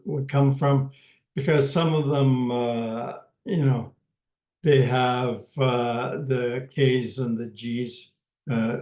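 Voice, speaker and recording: Teacher: a man with a northern Ojibwe accent, unhurried and halting, in an echoey room. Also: medium pitch. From northern Ojibwe community in Canada. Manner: halting, many pauses and fillers, soft chuckles. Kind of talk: informal online language class.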